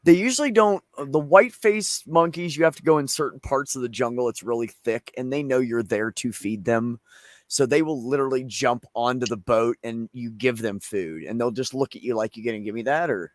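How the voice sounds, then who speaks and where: A man's voice: mid-range voice, moderate pace, no room sound, studio quality. A man from Pennsylvania telling a rambling, profane story in casual chat, acting out the people in it. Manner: loose, profane storytelling with animated quoted voices. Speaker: show co-host.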